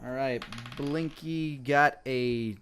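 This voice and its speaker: A man's voice: medium pitch, takes it slowly, a bit bright, clear, resonant tone. A man narrating as game master of a tabletop game, switching between vivid descriptions and casual rules talk.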